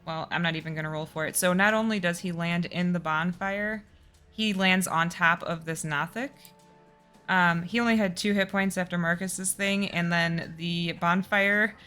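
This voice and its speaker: A woman's voice: lowish voice, steady tone, normal speed, bright, forceful tone, smooth, soft background music. A woman running a tabletop game as game master, narrating the action casually and laughing easily.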